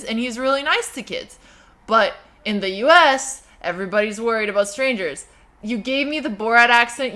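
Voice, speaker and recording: A young woman hosting a livestream, reading viewer messages and chatting casually in a self-deprecating way, quick to laugh. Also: on the high side, bright, forceful tone. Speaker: livestream host.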